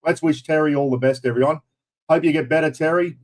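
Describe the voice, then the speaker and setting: A man's voice: on the high side, fairly even intonation, quick pace. Rambling blokey Australian man. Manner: blokey, rambling, lots of "mate" and "bloody". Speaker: livestream host. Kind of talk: casual live-stream chat.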